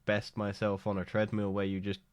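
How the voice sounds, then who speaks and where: A man's voice: lowish voice, monotone, fairly quick, no room sound, studio quality. A young man co-hosting a podcast in a casual chat, teasing and laughing often. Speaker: podcast co-host.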